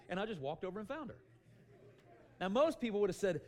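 A middle-aged man preaching a sermon, telling animated stories and calling out "amen" to the congregation. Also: sits high, racing. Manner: loud, animated storytelling with calls of "amen".

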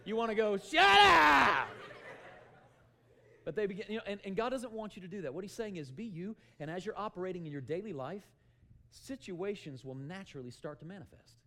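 A man preaching a sermon in an animated way, acting out little scenes, calling for amens and sometimes shouting. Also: sits high, fast talker, slight background noise. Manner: animated, shouts for emphasis and acts out quotes; calls for amen often.

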